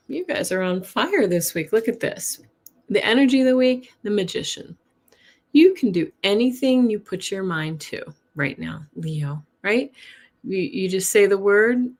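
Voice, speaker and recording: A woman hosting a live-streamed weekly tarot reading from home, chatting casually, laughing often and greeting viewers by name. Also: mid-range voice. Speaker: tarot reader. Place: home with a cat nearby.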